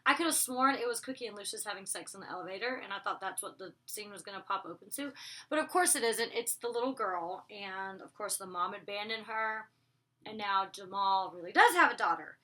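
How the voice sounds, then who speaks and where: Woman, casual vlog review, chatty, rambling asides, bright voice, camera mic. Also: medium pitch, animated, brisk. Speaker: TV show reviewer.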